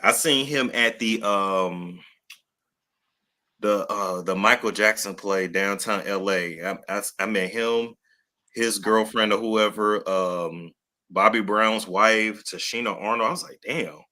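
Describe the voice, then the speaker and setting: Man co-host, low voice with a very bright edge, slangy and relaxed. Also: slow. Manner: laid-back, slangy, chatty. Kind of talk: casual chat.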